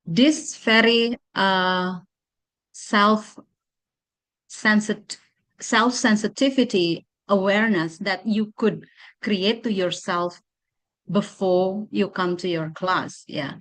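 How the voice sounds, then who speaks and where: A woman with an Indonesian accent presenting a teacher-training workshop, guiding a mindfulness exercise with slow, repetitive instructions and many pauses. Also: medium pitch, fairly bright tone. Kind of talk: guided mindfulness workshop talk.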